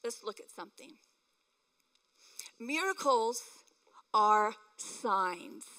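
Bright high-voiced woman preaching a sermon. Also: takes it slowly, big-room sound, poor audio. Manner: animated preaching, acting out voices in quotes. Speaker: pastor.

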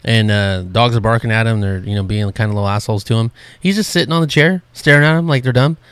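A man's voice: fairly low pitch, quick pace, fairly bright tone, smooth, dry recording. A man co-hosting a podcast, laid-back and joking, swearing casually. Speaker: podcast co-host. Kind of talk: casual chat.

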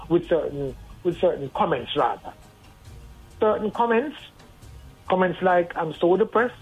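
A radio guest on a call-in show offers earnest, conversational advice by phone. The voice is mid-range, somewhat dark in tone and a little rough. It comes through a tinny phone line with faint music underneath.

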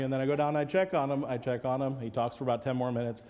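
A man's voice: mid-range voice, steady tone, rapid-fire, hardly any pauses, muffled recording. A male pastor giving a sermon, mixing funny family stories with earnest teaching. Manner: humorous storytelling, then earnest teaching.

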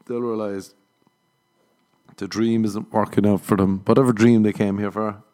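A man's voice: lowish voice, flat delivery, moderate pace, warm tone. A man telling stories as a comedian and podcast host in a casual monologue. He swears freely, laughs at his own jokes and acts out other people's voices.

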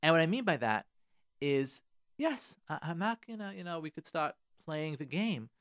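A man's voice: on the high side, big pitch swings, normal speed, fairly bright tone, no room sound, clean studio sound. A man, a rabbi, giving earnest, direct marriage advice on a radio talk show and repeating phrases for emphasis.

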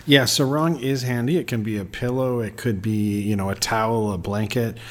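A man's voice: medium pitch, steady tone, moderate pace. A man co-hosting a podcast, chatting casually and giving direct practical travel tips. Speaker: podcast co-host.

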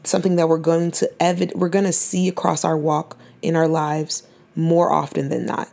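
21-year-old woman, podcast host, lowish voice with lots of fry, earnest and near tears, stumbles and repeats herself. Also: level tone, moderate pace, a little mellow. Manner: earnest, faith-filled, repeats and restarts phrases. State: holding back tears. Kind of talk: emotional personal testimony.

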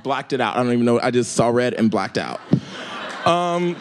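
A young man in his twenties spins a rambling, profane comic story, full of ums and likes. He leaps up high to stress a point and sinks low and quiet when he quotes people. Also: normal speed, clean tone, soft background music, a faint crowd. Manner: animated, profane, rambling with many fillers.

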